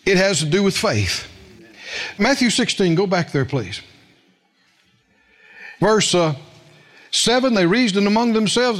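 A male preacher delivers a sermon in a notably high voice. His pitch leaps around as he tells stories, acts out quoted lines and keeps asking the congregation questions. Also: animated, measured pace, pauses often, a bit bright. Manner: storytelling with acted quotes, asks the congregation questions. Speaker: pastor.

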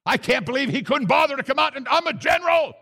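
An indignant, entitled general rants in a high, strained voice, as a preacher acts him out. Gravel runs underneath his outrage, and he sounds offended at every slight. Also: animated, quick pace, sharp tone, full character voice. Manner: indignant ranting.

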